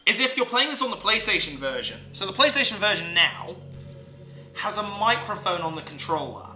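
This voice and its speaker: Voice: mid-range voice, lively intonation, fairly quick. A streamer giving joking live commentary on a visual novel and talking to the chat from a home streaming setup. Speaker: game streamer. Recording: roomy with game music behind.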